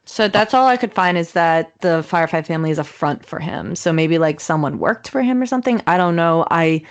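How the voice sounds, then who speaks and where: A woman's voice: on the low side, animated, fairly quick, highs cut off. A woman co-hosting a podcast in casual chat, sharing what she looked up. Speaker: podcast co-host.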